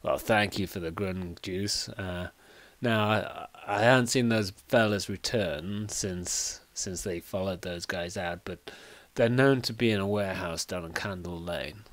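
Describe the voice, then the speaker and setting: A man voicing a shifty male barman in a seedy tavern, talking low and confidingly. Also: measured pace, few pauses, no echo. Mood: conspiratorial.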